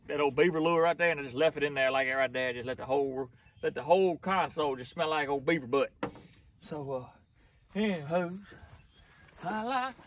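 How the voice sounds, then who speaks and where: Middle aged mississippi guy, high voice, rambling trapping vlog on his phone outside, lots of noise behind him. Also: fairly bright tone. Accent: Mississippi Southern. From southern United States. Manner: folksy and rambling, talks to viewers as y'all. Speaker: trapper vlogger. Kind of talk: casual outdoor vlog. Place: outdoors on a farm by a lake. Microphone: phone on a tripod. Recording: noisy outdoor phone recording.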